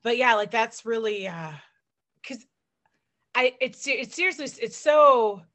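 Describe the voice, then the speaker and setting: A young woman co-hosting a podcast in casual chat, animated and joking, laughing often. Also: on the high side, measured pace. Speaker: podcast co-host.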